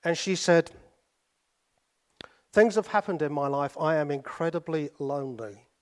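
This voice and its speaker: A man from Britain preaches to his congregation in a fairly high voice. He tells his stories unhurriedly, pausing often and dropping to quiet asides. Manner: storytelling, with pauses and sudden drops to soft asides. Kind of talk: sermon.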